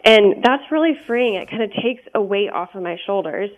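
Appearing as a radio interview guest, a woman talks at a normal pace with few pauses, her medium-pitched voice lively in intonation. She comes across as earnest and candid, with lots of ums, over narrow, phone-like audio.

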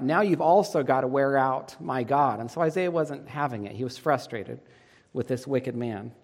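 A man's voice: medium pitch, darkish tone, long reverb tail. A man preaching a sermon as a pastor, often putting questions to the congregation and shifting his emphasis.

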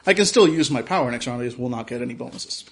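A man playing a tabletop game, talking through his moves in a halting, thinking-aloud way. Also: mid-range voice, expressive, vocal fry. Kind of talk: casual actual-play chat. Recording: noisy home recording.

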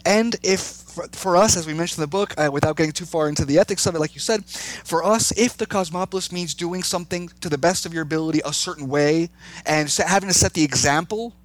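A man's voice: a little high, quick pace. A man, co-author of a book, in a casual discussion, talking earnestly with many restarts. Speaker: co-author guest.

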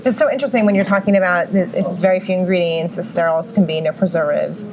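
A woman hosting an interview podcast with a slightly low voice. She responds reflectively, thinking aloud with small fillers. The recording carries clear background noise. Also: fairly even intonation, fast. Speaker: podcast host.

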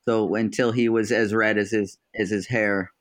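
A man's voice: on the low side, flat delivery, normal speed. A man, a former ballplayer, recalling old teammates in an easygoing, amused way. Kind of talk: casual storytelling chat.

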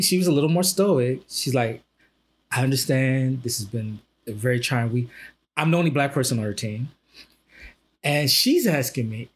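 Husky, halting man reflecting on a podcast. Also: fairly high pitch. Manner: earnest, halting, reflective with many restarts. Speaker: podcast co-host. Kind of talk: casual discussion.

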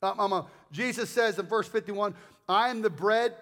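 Older male evangelist, high-pitched, lively, jokey sermon delivery. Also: normal speed. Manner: animated, joking, acts out crowd voices. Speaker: guest preacher.

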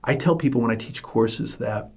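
A man's voice: medium pitch, moderate pace, gravelly, husky. A middle-aged man hosting a solo podcast, talking emphatically and repeating his points for stress. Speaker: podcast host.

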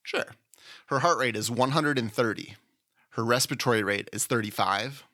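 Bright-voiced playful podcast host. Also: male voice, mid-range voice, moderate pace. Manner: playful, teasing, laughs easily. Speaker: podcast host running a mock oral boards case. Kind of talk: casual podcast, playful case narration.

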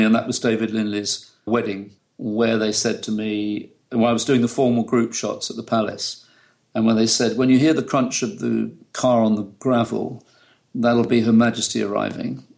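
Lowish and darkish, with noticeable vocal fry, this man's voice carries relaxed storytelling. He's a middle-aged British photographer chatting through anecdotes in an interview and laughing a lot.

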